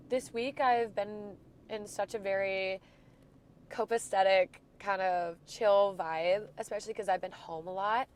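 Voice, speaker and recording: A woman's voice: mid-range voice, normal speed, gravelly, a little hiss or hum. A woman in her twenties from Florida with a stuffy nose from a cold, talking through a reflective, rambling weekly diary check-in for her vlog. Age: 20s. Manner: reflective, rambling, soft-spoken. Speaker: vlogger.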